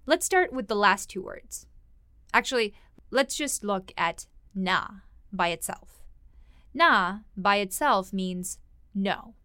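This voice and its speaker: A woman teaching a language lesson, explaining words and phrases in a clear, explanatory way. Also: mid-range voice, expressive, slow, sharp tone, no echo, clean studio sound.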